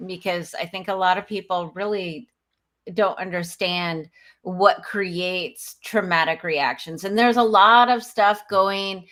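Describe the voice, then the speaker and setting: Woman, podcast host, slow pace, reflective, interview conversation. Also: mid-range voice, fairly bright tone.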